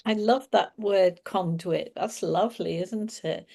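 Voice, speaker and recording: A woman who is a guest author, speaking warmly and effusively on a group video call. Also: mid-range voice, a little slow, vocal fry. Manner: warm and effusive, gushing thanks. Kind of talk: casual thanks on a group call.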